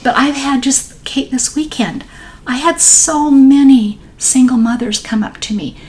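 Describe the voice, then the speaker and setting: A woman's voice: sits high, steady tone, a little slow. Woman in her sixties, rambling and heartfelt. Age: 60s. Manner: warm, emotional, rambling storyteller. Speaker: guest. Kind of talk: conversational interview.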